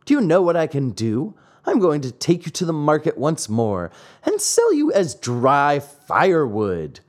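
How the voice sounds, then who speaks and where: A man voicing a grumpy, stingy old man in a storybook reading, slow and grumbling. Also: a little high, huge pitch swings, full character voice. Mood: angry.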